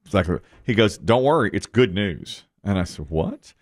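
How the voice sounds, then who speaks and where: A man's voice: fairly low pitch, big pitch swings, moderate pace, no echo, studio quality. A middle-aged man hosting a radio morning show, telling a casual story and acting out each line of quoted dialogue.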